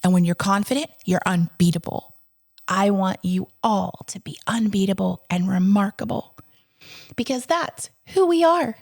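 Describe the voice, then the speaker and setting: Woman voicing a warm veteran teacher, doting and emphatic, gravelly edge, dry close sound. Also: medium pitch, expressive, normal speed, no room sound. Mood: encouraging. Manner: doting, emphatic, calls the child honey. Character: warm older woman schoolteacher, big-hearted, encouraging.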